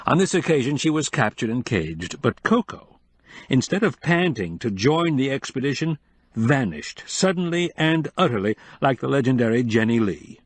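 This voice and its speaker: A man reading a cozy mystery novel aloud in a steady, measured storytelling manner. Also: mid-range voice, no echo. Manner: steady, measured storytelling with light character voicing. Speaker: audiobook narrator. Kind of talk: scripted narration.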